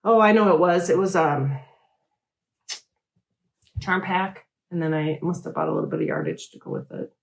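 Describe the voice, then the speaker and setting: A middle-aged woman hosting a casual crafting show, chatting in a rambling, animated way. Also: fairly low pitch, moderate pace, gravelly, long pauses. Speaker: host. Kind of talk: casual chat.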